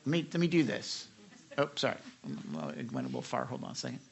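A man preaching a sermon to a live church audience, animated and chatty, acting out quotes with many restarts and laughs. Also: mid-range voice, fast, gravelly. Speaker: pastor.

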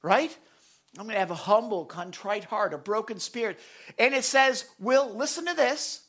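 A male pastor preaching a sermon to his congregation, asking them direct questions and dropping to a hush when he reads scripture. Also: high-pitched, moderate pace. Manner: emphatic, swings between loud appeals and hushed scripture readings. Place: church sanctuary.

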